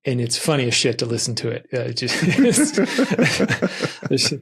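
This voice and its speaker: Husky, gravelly podcast host. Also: male voice, mid-range voice, takes it slowly. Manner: curious, relaxed questioning with fillers. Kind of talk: casual interview.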